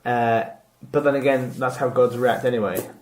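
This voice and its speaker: This man co-hosts a podcast, chatting casually in a mid-range, darkish voice with fairly even intonation and a moderate pace. His delivery rambles and hesitates, full of fillers, and the room is echoey.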